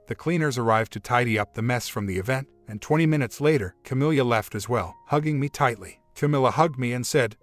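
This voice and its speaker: A man narrating a first-person relationship drama story in a steady, even reading. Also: medium pitch, no echo.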